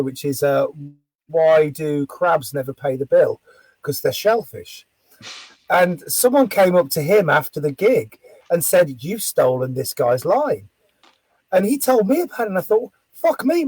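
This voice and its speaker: A man with a higher, husky voice hosts a casual interview chat. His voice is recorded dry and close, and he talks in an easygoing, chatty way with the odd swear word. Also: sing-song, normal speed, a little mellow, no room sound, poor audio. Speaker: podcast host.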